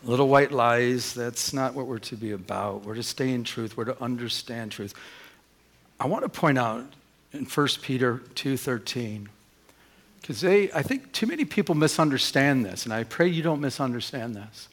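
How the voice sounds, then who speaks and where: A man's voice: medium pitch, moderate pace, fairly bright tone. A man preaching a sermon as pastor in his church, emphatic and often asking the congregation questions.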